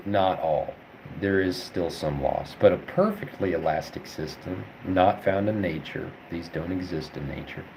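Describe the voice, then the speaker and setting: A young man with a very low, deep voice talks casually as he studies, thinking out loud and wandering through his points with lots of ums and likes. A faint hiss of noise sits under the voice. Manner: rambling, thinks aloud with many fillers. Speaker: veterinary student streamer. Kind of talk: casual study livestream, answering chat.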